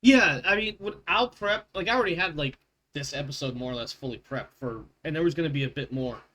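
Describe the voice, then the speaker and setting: Game master dude rambling, kinda high bright voice, swears a lot. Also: male voice, brisk. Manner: rambling, self-correcting, swears freely. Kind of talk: casual out-of-character table talk.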